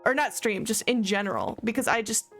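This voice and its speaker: A woman's voice: on the high side, sing-song, fairly quick, fairly bright tone. A young woman streamer chatting casually while gaming, rambling and laughing often with lots of fillers. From United States. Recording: music playing behind her.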